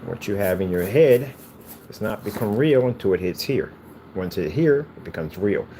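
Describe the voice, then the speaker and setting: A man's voice: lowish voice, lively intonation, moderate pace, mellow, slight background noise. A man chatting casually while he crafts, rambling and joking playfully. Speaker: cardboard PC case builder.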